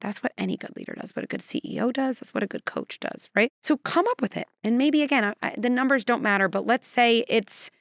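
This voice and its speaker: Woman psychologist on a podcast, animated, acts stuff out, kinda gravelly, dry close mic. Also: fairly high pitch, fairly quick, hardly any pauses, no echo. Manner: animated, acts out quotes and scenarios. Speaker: clinical psychologist, podcast guest. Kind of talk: conversational interview.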